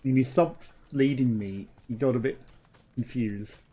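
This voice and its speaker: A man's voice: medium pitch, a little slow, mellow, husky. A man casually commenting on a game he plays, chatty and jokey and often laughing. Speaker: let's play host.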